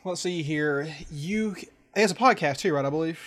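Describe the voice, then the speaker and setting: A man with a high voice co-hosts a podcast in loose, casual chat. He jokes, swears freely and rambles from one tangent to the next. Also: moderate pace, fairly bright tone. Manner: joking, profane, rambling. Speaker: podcast co-host.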